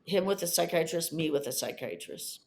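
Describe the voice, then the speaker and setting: Woman, fifties, podcast guest recounting her divorce, lively and emotional, pitch jumps up when upset. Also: moderate pace. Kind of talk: emotional personal storytelling.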